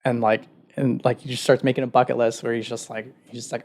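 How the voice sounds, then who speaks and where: A fast-talking man co-hosts a podcast in a mid-range, level, darkish voice. His retelling of a story is casual and meandering, packed with filler words.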